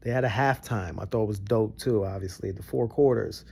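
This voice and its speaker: Man, young adult, gravelly, husky, lively pitch, casual reaction commentary. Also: brisk. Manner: animated, jumps between low grumbles and high excited bursts. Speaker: vlogger reacting to a broadcast.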